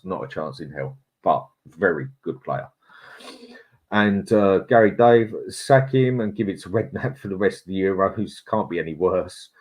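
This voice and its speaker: A man hosting a casual football fan live stream, reading out viewer comments and giving his opinions in a conversational way. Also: low voice. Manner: opinionated, conversational, stumbles over names.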